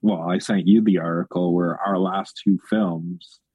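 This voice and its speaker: A man's voice: sits low, steady tone, a little slow, husky, no room sound, phone-quality sound. A man co-hosting a casual movie podcast, blunt and teasing with frequent swearing. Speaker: podcast co-host. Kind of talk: casual movie-review chat.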